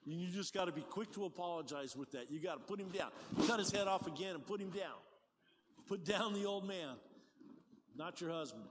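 Older male pastor, high voice, folksy animated sermon, reverberant hall with faint hiss. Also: fairly quick. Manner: conversational, animated, folksy asides.

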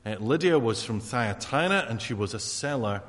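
A man preaching a sermon in a relaxed, conversational way, full of fillers and asides to his congregation. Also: mid-range voice, moderate pace. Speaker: pastor. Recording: long hall reverb.

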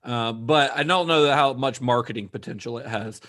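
A male podcast co-host in a casual chat. He retells history steadily, slipping in dry asides. His voice sits at an ordinary middle pitch. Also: moderate pace, fairly bright tone.

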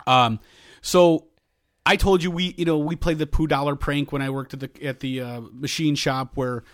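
A man's voice: fairly high pitch, steady tone, moderate pace, a bit bright. A middle-aged man co-hosting a podcast, telling stories in a rambling, casual way with frequent restarts. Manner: rambling storytelling with many restarts. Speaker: podcast co-host. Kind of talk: casual chat.

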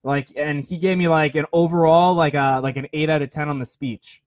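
A man's voice: a little high, fairly even intonation, a little fast, dry recording. Chatty young man, dry close sound. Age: 20s. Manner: rambling, filler-heavy, self-deprecating. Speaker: podcast host. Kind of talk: casual storytelling monologue.

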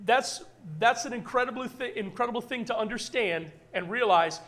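A male pastor preaching with a notably high voice. He talks to the congregation in an easy, conversational way, sprinkling in "man" and repeating phrases. His delivery moves between hushed, soft passages and stronger, emphatic ones. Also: normal speed. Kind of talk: sermon.

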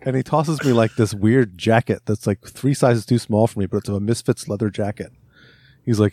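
A man's voice: on the low side, moderate pace, a little hiss or hum. A man in casual chat, recounting an anecdote with frequent laughs. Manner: laughing anecdote teller with a lively voice.

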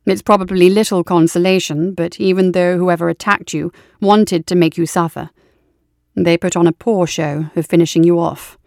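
A woman reading a storybook, voicing a young male army field surgeon who speaks in a calm, measured, clinical way. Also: fairly low pitch, vocal fry, no echo, studio quality.

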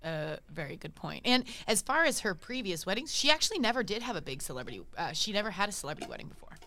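A woman hosting a podcast in casual chat, talking fast and loose with lots of filler words. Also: medium pitch, sing-song, pushed and bright. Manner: chatty, heavy use of "like", swears casually. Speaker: podcast host.

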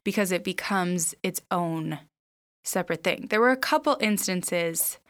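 Woman podcast co-host, relaxed banter, quick playful quips. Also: lowish voice. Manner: playful, quick asides and joking commentary. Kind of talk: casual pop-culture chat.

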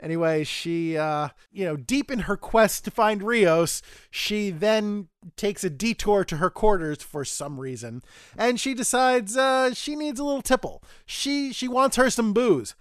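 A man's voice: sits high, lively intonation, unhurried, smooth, dry recording, studio quality. A man hosting a podcast, recapping an episode casually and chattily, quoting characters as he goes and often restarting his phrases. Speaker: podcast host.

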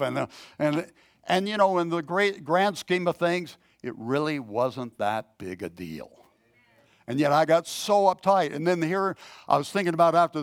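Male pastor, slightly high voice, very slow halting sermon delivery, dry close sound. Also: no room sound. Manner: slow, halting delivery with frequent throat clearing and restarts; self-deprecating, conversational storytelling.

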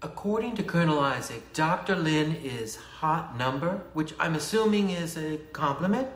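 An actor playing a smug, cold alien visitor who questions people bluntly and condescendingly in film dialogue. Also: male voice, fairly high pitch, lively intonation, normal speed, natural voice. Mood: prying. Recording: roomy film soundtrack with faint score.

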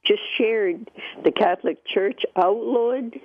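A woman's voice: medium pitch, slow, no echo. A woman host asking questions and giving short encouraging replies. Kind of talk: interview on a phone line. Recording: tinny dry phone line.

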